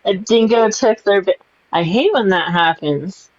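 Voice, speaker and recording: Slow, giggly woman on dull dry audio. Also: mid-range voice. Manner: easygoing, giggly, slow-talking. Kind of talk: casual live stream chat.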